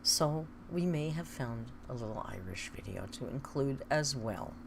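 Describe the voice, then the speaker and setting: A woman's voice: extremely low pitch, lively intonation, measured pace, vocal fry, background noise. A woman hosting a casual live stream, chatting playfully and cooing at her pet between remarks to viewers. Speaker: livestream host.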